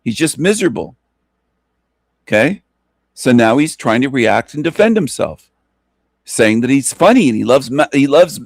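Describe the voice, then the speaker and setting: A man's voice: medium pitch, sing-song, moderate pace, vocal fry, pauses often, no echo, clean studio sound. A man hosting a livestream, ranting bluntly and with profanity about his critics. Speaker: channel host. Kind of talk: livestream commentary.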